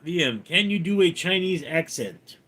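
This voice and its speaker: Male streamer reading chat aloud, fairly high voice with lots of pitch movement, dry offhand delivery. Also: normal speed. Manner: reads viewer comments aloud and answers offhand, deadpan. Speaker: livestream host reading chat. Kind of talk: casual livestream chat.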